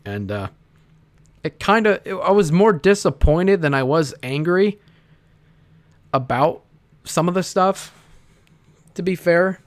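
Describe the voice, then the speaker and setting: A man hosting an informal commentary. His delivery is rambling and halting, with many restarts and casual swearing. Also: sits high, expressive. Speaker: host.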